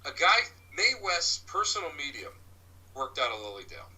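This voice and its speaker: Male psychic-medium guest: sharp, bright voice, slightly off-mic, halting anecdotal delivery. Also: on the high side, sing-song, recorded from a distance, low-quality recording. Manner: halting, repeats and restarts words. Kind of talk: rambling anecdotal storytelling.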